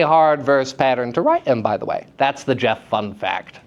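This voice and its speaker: Lively man lecturing on verse. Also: medium pitch, normal speed, highs cut off. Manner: lively, playful, jokes with audience. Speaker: theater teacher. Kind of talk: lecture to high school students. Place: school hall with audience.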